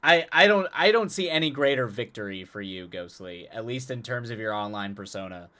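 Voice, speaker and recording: A man of ordinary pitch hosting a live stream and chatting easily with his viewers. His talk is loose and conversational, with frequent laughter. He often repeats words and restarts his sentences as he thinks aloud. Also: lively intonation, fairly quick, sharp tone. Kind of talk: casual chat with stream viewers.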